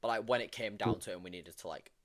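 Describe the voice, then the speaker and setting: A man's voice: fairly low pitch, quick pace, crowd noise. A young man chatting casually on a stream, telling funny stories from filming, full of fillers and bursts of laughter. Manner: animated, laughing storyteller with many fillers. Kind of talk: casual chat.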